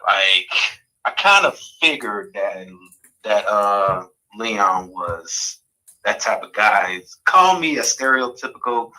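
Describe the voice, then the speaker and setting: A man's voice: on the low side, bright, forceful tone, poor audio. A man calling in to a talk show, chatting casually and rambling with a laugh. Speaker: caller. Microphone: phone line.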